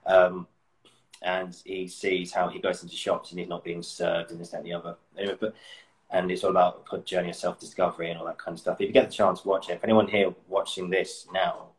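A man with a very low voice hosts a relaxed conversation. He laughs often, trips over his words and restarts his sentences. The talk is easy and informal. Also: fairly quick, poor audio. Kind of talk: casual chat.

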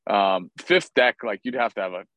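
A man telling a lively story from his playing days, swearing freely and acting out what people said. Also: lowish voice, moderate pace, no echo, muffled recording. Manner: animated, profane, acts out quotes. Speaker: former baseball player, guest. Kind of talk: casual storytelling interview.

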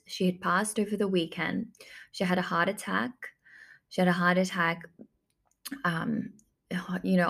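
A woman recounts a personal story in a slow, reflective way. Her voice sits low with a gravelly fry, and she often says "like" and repeats her phrases as she talks. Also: fairly bright tone. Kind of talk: personal story told to camera.

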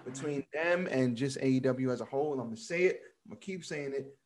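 A man's voice: medium pitch, fast. A man co-hosting a casual wrestling podcast, blunt and swearing freely, laughing often as he talks. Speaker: podcast co-host.

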